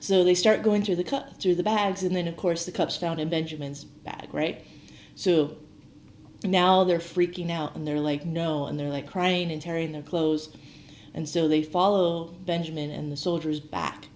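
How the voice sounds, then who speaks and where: A woman's voice: lowish voice, steady tone, normal speed, darkish tone. Chatty woman retelling a story. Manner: chatty, full of "like", acts out quotes. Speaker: archaeology educator. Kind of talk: casual retelling of a Bible story. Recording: roomy echo, faint noise.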